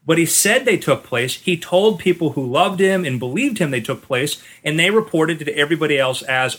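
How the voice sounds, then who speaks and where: A man, a magician and podcast co-host, chatting casually and lecturing his friends with animated stories. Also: fairly high pitch, fairly quick, hardly any pauses, breathy edge. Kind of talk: casual chat.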